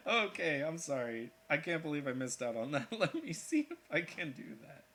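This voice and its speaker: A man's voice: on the high side, sing-song, normal speed, few pauses, sharp tone. A man hosting an art livestream, joking and talking through each step of his drawing. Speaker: art streamer. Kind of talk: casual livestream commentary while drawing.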